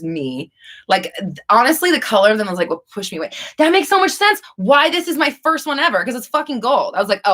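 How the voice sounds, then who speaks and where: A woman's voice: lowish voice, a bit bright. A young woman hosting a live stream, chatting casually and rambling with many fillers and restarts.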